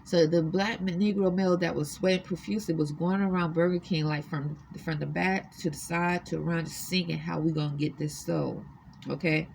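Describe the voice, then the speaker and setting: A woman's voice: fairly low pitch, steady tone, a little fast, creaky, few pauses, a little mellow, a little hiss or hum. A woman earnestly recounting her own experiences to the camera from a hotel room, insistent and emphatic. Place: extended-stay hotel room.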